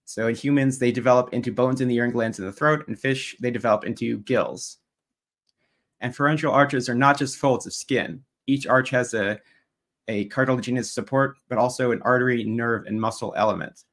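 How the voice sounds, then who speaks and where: A man's voice: mid-range voice, brisk, a bit bright. A man giving a debate opening statement, working methodically through prepared slides and making pointed jabs at his opponent.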